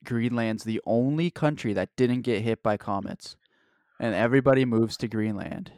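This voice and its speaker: Male, casual co-host type: rambling, jokey, swears freely, mid pitch, dry close-miked sound. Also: moderate pace, a little mellow, dry recording. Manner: rambling, profane, joking. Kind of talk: casual chat.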